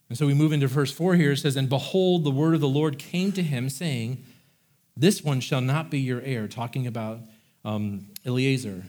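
A middle-aged male pastor delivers a sermon in an easygoing, conversational manner. His voice sits at an ordinary mid pitch. He drifts into everyday phrasing when retelling scripture. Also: moderate pace, a little mellow. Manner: conversational, paraphrases scripture in a casual voice.

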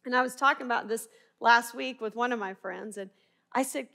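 Gravelly and sharp, her slightly high voice moves fairly quickly. She's a middle-aged woman from Arkansas with a Southern twang, teaching the Bible with earnest emphasis and often throwing rhetorical questions at her listeners.

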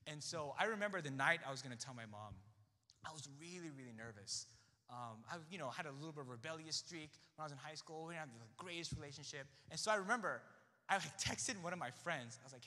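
Young guy telling his faith story super fast, bouncy and lively, bright edgy voice. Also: on the high side, big-room sound. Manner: animated, chatty, acts out quoted dialogue. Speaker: speaker sharing a testimony. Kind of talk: personal testimony storytelling.

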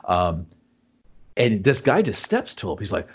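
A man's voice: fairly low pitch, unhurried, pauses often, husky. A man co-hosting a casual chat about a movie, swearing a lot and acting out lines from scenes. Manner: profane, animated, acts out movie lines. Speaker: podcast co-host.

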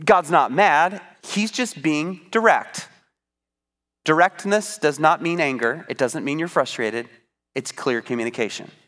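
A man preaching a sermon, teaching from the Bible in an animated, conversational way. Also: a little high, measured pace.

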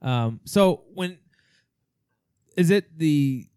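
Mellow-voiced joking podcast host, a man. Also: fairly high pitch, expressive, very slow, smooth, no echo, clean studio sound. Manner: joking, rambling. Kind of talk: casual chat.

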